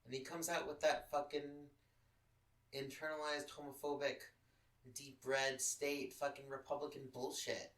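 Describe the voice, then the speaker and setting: A man's voice: mid-range voice, flat delivery, measured pace, fairly bright tone, echoey room, far from the mic, poor audio. A man from Los Angeles hosting a podcast, telling a personal story in casual chat, candid and full of swearing. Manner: profane, candid, emotional storytelling. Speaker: podcast host.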